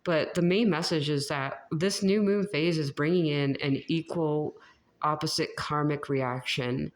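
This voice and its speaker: In an unhurried, low voice, a tarot reader chats her way through a reading for viewers. She rambles, laughs a lot, and keeps restarting sentences amid plenty of fillers.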